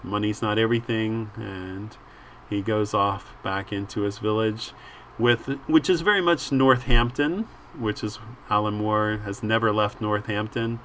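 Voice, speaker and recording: A man reading a comic book aloud and musing over the panels in an unhurried way, with frequent filler words. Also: fairly low pitch, steady tone, fairly bright tone, a little hiss or hum. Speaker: comic book reader and commentator.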